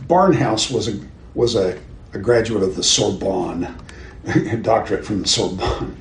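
The speaker is an older man teaching a Bible class in a fairly low, gravelly voice at a slightly slow pace. He talks conversationally, questions his listeners and chuckles at his own stories, recorded in a roomy space with faint background noise.

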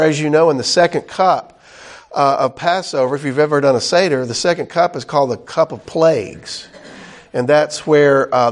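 A man teaching a sermon verse by verse, in a casual, conversational way with many fillers and "right?" asides. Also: medium pitch. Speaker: pastor.

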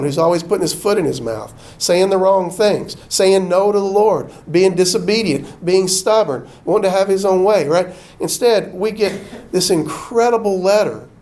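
Folksy, animated preacher man. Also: high-pitched. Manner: folksy, animated, acts out quotes. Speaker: pastor. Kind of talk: sermon.

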